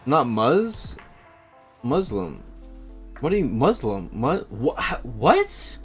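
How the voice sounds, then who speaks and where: Animated man streaming a game. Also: mid-range voice, slow, soft background music. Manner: animated, incredulous, thinks aloud. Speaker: gaming streamer. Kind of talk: live gameplay commentary and chat reading.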